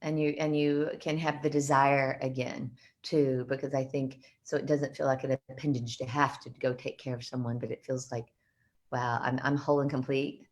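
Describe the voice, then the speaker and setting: A woman's voice: rumbling low, flat delivery, moderate pace. A middle-aged woman co-hosting a radio talk show, telling chatty stories and laughing often. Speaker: radio co-host. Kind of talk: casual chat.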